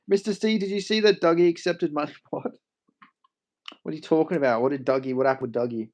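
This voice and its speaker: A man's voice: on the high side, fast talker. A young Australian man on a casual livestream, joking, swearing freely and answering his chat. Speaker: MMA streamer.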